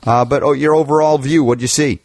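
A man's voice: mid-range voice, steady tone, a little fast, a little mellow, dry recording. A man hosting a political talk radio show, chatting with a guest in an opinionated, rambling way with many restarts.

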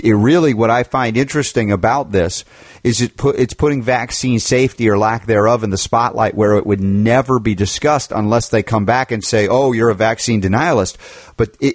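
A man's voice: on the low side, no echo, studio quality. A man hosting a political talk radio show, chatting with a guest in an opinionated, rambling way with many restarts.

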